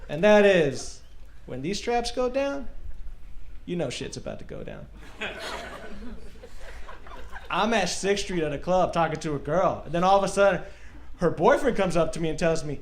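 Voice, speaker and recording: Young male stand-up comic, high and lively delivery, self-deprecating, club stage mic. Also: moderate pace, pauses often. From Texas. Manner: animated, self-mocking, loud bursts for acted bits. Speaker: stand-up comedian. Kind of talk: stand-up comedy set. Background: audience laughter.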